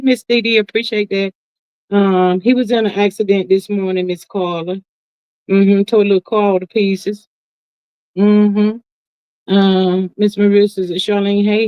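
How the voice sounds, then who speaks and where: A woman's voice: medium pitch, clear, resonant tone, no room sound. A middle-aged woman hosting a live stream in a casual, folksy chat, reading viewer comments and calling everyone honey and child. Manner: chatty, emphatic, drawn-out asides. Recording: dry, slightly muffled lo-fi sound.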